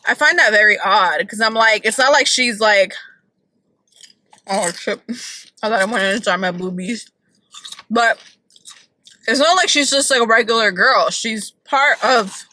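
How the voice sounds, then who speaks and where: A woman's voice: mid-range voice, moderate pace, pauses often, pushed and bright, rough recording. A woman vlogging from her car, chatting casually and opinionatedly about celebrity gossip with lots of "like".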